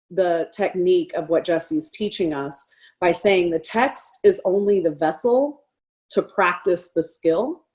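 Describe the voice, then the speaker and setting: A woman, a lawyer in a trial skills workshop, explaining her practice in a thoughtful, measured way. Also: fairly low pitch, darkish tone. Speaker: workshop participant, defense lawyer.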